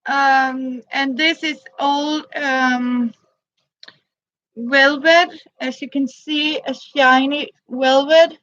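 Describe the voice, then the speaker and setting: A woman whose first language is Danish shows off boots she made, in slow, halting English full of fillers. Her voice sits high and bright. The recording is dry and slightly dull. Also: fairly even intonation, dry recording. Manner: halting, searching for words, many fillers. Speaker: crafter showing handmade boots. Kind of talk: casual show-and-tell.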